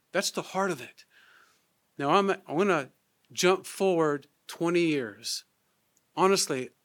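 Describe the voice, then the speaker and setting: A middle-aged male pastor preaching in a gentle, earnest way and repeating key phrases. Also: fairly high pitch. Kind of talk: sermon.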